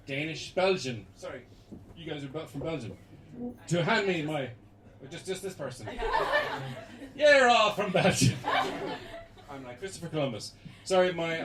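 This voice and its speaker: An Irish man doing a live stand-up set in a small club, bursting into loud acted-out voices. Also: on the high side, very noisy. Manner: animated, acts out characters in loud bursts. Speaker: stand-up comedian. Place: small basement comedy club. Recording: roomy live club recording from far off, loud crowd laughter.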